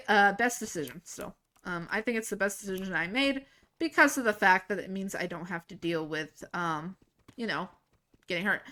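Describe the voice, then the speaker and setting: A young woman livestreamer telling a story casually while gaming, rambling and animated, laughing and swearing often. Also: medium pitch.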